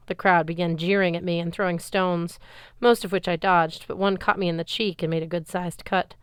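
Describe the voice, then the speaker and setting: A woman reads a novel aloud and tells it with expression in the first person. Her voice sits a little low and sounds smooth and clear. The recording is close and dry. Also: level tone, fairly quick, few pauses, dry recording. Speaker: reader.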